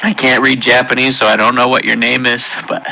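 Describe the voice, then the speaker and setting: Earnest man with a bright, halting voice. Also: mid-range voice, little pitch movement, gravelly, slight background noise, low-quality recording. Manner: halting and earnest, with frequent restarts and pauses; intense, pleading delivery. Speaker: testimony speaker. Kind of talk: emotional personal testimony.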